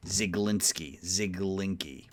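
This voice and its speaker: Man, low-pitched, drowsy let's-play commentator mulling roster moves out loud. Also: slow. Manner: thinking aloud, sleepy, yawning often; mutters trade talk to the game's teams. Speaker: gaming YouTuber playing a baseball management sim.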